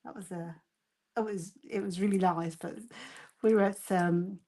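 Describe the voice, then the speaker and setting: A woman's voice: on the low side, steady tone, normal speed, mellow. A woman with a Birmingham accent talks through a crafting demonstration in a loose, rambling way. Her speech is full of fillers and restarts as she shows products. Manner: chatty and rambling, with frequent fillers and laughter. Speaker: co-host of a craft shop live show. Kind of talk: casual crafting chat with demonstration.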